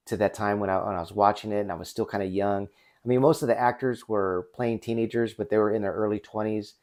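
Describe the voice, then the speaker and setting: Male host in his forties, deeper register, loose unscripted review delivery that trips over itself often. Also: darkish tone. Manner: rambling, with many restarts and fillers. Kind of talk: casual unscripted movie review.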